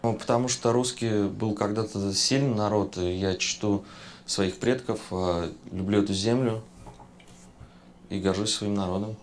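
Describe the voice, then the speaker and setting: A man answering interview questions slowly and haltingly. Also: on the low side, steady tone, a little hiss or hum.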